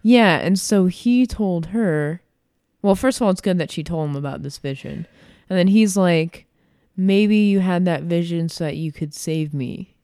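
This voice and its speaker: A woman chatting casually as a podcast co-host, retelling things in an animated way with lots of fillers. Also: on the low side, measured pace, no room sound, studio quality. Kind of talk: casual chat.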